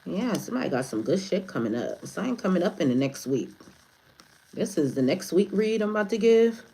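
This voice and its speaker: Low-voiced, loose-talking woman tarot reader. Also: big pitch swings, a little fast, gravelly, warm tone, slightly rough, rough recording. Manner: loose, rambling, swears casually, laughs at own jokes. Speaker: spiritual advisor, tarot reader. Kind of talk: casual spiritual reading to viewers.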